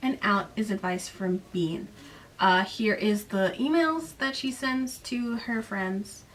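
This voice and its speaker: A woman casually recapping a novel in a chatty, sarcastic way, acting out the characters' lines with jumps in pitch. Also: slow, fairly bright tone, distant mic, a little hiss or hum. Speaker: book recap vlogger.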